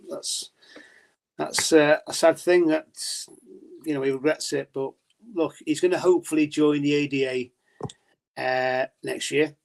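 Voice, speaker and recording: A man's voice: fairly high pitch, vocal fry. A man as a podcast guest in casual chat, telling stories chattily, swearing and laughing often.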